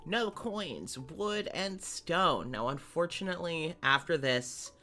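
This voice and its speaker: Streamer, woman: low but bright voice, lively delivery, chatty game commentary. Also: slow pace, faint music behind. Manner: chatty and explanatory, with small laughs. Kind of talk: casual let's-play commentary.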